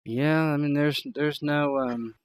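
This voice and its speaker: A man's voice: fairly high pitch, fairly even intonation, takes it slowly, a little hiss or hum. A man narrating a tabletop role-playing game as game master, rambling loosely with many fillers.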